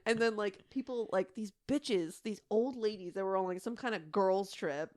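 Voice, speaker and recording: A woman's voice: mid-range voice, moderate pace, a little mellow. A woman in her thirties co-hosting a podcast, telling a true crime case in a chatty way with lots of fillers and laughing asides. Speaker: podcast co-host. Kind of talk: casual chat and true crime storytelling.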